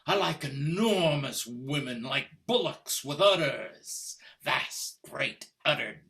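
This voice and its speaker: Older actor as a sneering husband on a video-call stage play, bright tense voice, slow delivery. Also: male voice, mid-range voice, animated, creaky, exaggerated voice. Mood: scornful. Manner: taunting, mocking, coldly deliberate. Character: scornful middle-aged husband baiting his wife. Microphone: computer mic on a video call.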